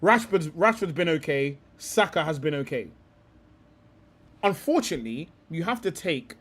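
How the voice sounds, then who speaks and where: A man's voice: a little high, animated, normal speed, a bit bright, slightly rough. Heated young man ranting about football. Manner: swears a lot and says bro, rambling and heated. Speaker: live stream host. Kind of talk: casual live stream football talk.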